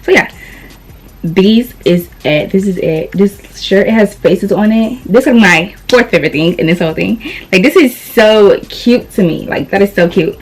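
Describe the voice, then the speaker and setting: A young woman talking her viewers through a clothing haul in a loose, rambling way. She sounds slightly out of breath, and her voice sits at an ordinary middle pitch. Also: normal speed, breathy edge, faint music behind. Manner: chatty, rambling, addresses viewers as y'all. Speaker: vlogger.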